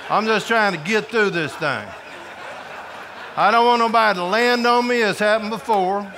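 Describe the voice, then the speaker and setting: A man from Georgia, preaching a humorous storytelling sermon to a prison audience in a folksy, animated way. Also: sits high, normal speed, noisy background. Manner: folksy, animated, acts out voices in his stories.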